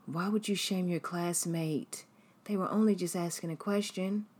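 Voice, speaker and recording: A woman voicing an indignant onlooker who scolds someone in a shrill, exasperated way. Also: steady tone, normal speed, a little mellow, husky. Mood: accusing.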